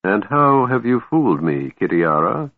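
Verbitterter, drohender Kriegsherr, von einem Mann gelesen, lebhafte Betonung, enger telefonartiger Klang. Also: male voice, fairly low pitch, big pitch swings, measured pace, dry recording, full character voice. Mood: bitter. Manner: scowling, bitter, snorting. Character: bitter, menacing male warlord, quick to anger. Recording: narrow phone-like sound, dry.

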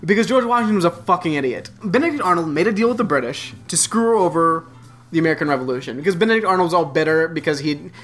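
A man's voice: fairly high pitch, lively intonation, fast talker, fairly bright tone, soft background music. A man co-hosting a podcast, telling a history story in a rambling, sarcastic, casual way with some swearing. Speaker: podcast co-host. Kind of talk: casual chat.

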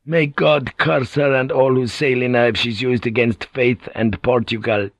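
A man's voice: medium pitch, steady tone, no echo, natural voice. A man voicing a cold, formal Jesuit priest. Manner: cool, measured, formal.

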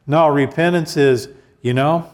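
A male pastor delivering a sermon in a relaxed, conversational way, often restarting phrases and slipping in little asides. His voice sits at an ordinary middle pitch. It carries a long reverb, as in a church sanctuary. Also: unhurried. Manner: conversational preaching, many restarts and asides, reads scripture aloud. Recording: hall reverb.

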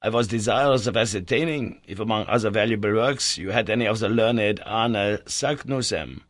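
A man voicing an excitable, eccentric old male professor who stammers when flustered. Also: on the low side, moderate pace, no echo, lightly acted. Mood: casual.

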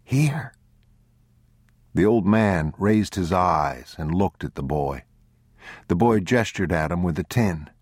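A male narrator reads literary prose in a very deep, slow, sombre and deliberate voice. The recording is close and bone-dry, with no room sound at all. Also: darkish tone, dry recording. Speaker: audiobook narrator.

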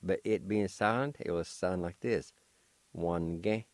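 A man teaching a language lesson on the radio, spelling words out slowly and carefully, letter by letter, in a patient way. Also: low voice, no room sound. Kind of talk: slow spelling and pronunciation lesson.

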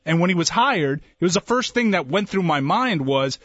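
A man speaking as a guest on sports radio, measured and skeptical. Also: sits high, expressive, fairly bright tone, dry recording. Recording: dull, lo-fi broadcast audio.

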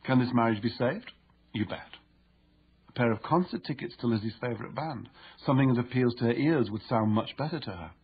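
Male author narrating his own self-help audiobook, husky and measured, muffled recording. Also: mid-range voice, animated. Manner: measured, explanatory.

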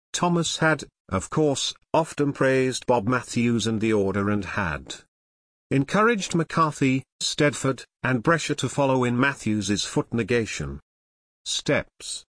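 A man reading a nonfiction crime book aloud in a measured, even storytelling manner. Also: mid-range voice, no room sound, clean studio sound. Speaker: audiobook narrator. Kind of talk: scripted nonfiction narration.

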